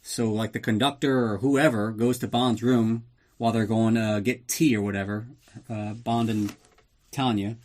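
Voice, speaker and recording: A man's voice: fairly low pitch, fairly even intonation, normal speed, darkish tone. Sarcastic, profane male podcast host. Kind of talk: casual movie recap.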